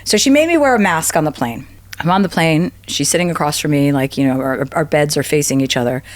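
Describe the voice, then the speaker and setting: A woman's voice: animated, a little fast, no echo. A woman in her fifties, a podcast guest, telling long travel stories with swearing and acted-out quotes. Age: 50s. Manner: profane, acts out quotes with big pitch jumps. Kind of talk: animated storytelling.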